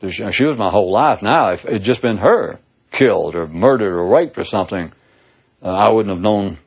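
A man voicing a grief-stricken young widower who speaks low, subdued and mournful, heard on a dull lo-fi recording. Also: expressive, normal speed, husky.

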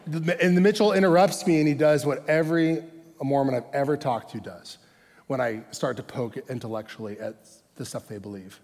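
A pastor preaching a sermon as a casual, self-deprecating personal story, acting out bits of dialogue. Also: male voice, on the high side, moderate pace. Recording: long hall reverb.

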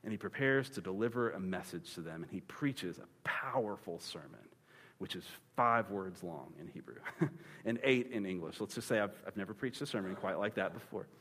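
Playful preacher in a reverberant hall. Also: male voice, low voice, normal speed, breathy edge. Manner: animated, playful storytelling with dad-joke humor. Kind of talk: sermon. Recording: long reverb of a large hall.

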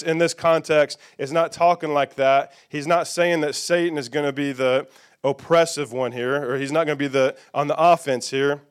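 Man preaching with a smooth voice. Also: fairly high pitch. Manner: conversational preaching with frequent "okay?" and "amen?" check-ins. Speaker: pastor. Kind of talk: sermon.

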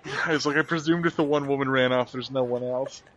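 A man's voice: medium pitch, fairly even intonation, fairly bright tone. A man playing a tabletop role-playing game, describing his character's actions with laughs and many fillers. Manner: laughing, halting, lots of fillers. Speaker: player. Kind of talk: tabletop role-play banter. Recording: dull lo-fi sound.

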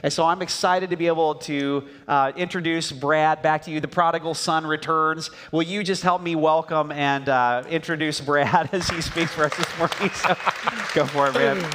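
A man's voice: a little high, fairly even intonation, normal speed, some chatter behind, a little hiss or hum. A man pastor introducing a guest preacher to his church, talking loosely with fillers. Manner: warm-hearted, rambling with fillers. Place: church sanctuary. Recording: long church hall reverb.

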